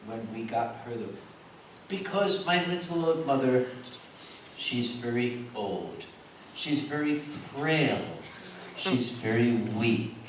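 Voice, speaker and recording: A man with a mid-range voice speaks slowly, telling dramatic stories on a convention panel where he is an organizer, playing up each moment with animation. The recording is distant in an echoey hall, with a little hiss or hum.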